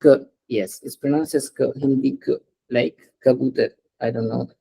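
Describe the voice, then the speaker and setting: A man's voice: medium pitch, steady tone, moderate pace, creaky, dark tone, slightly rough, low-quality recording. A man teaching French in a one-on-one lesson, patiently explaining rules step by step and asking his student to read aloud.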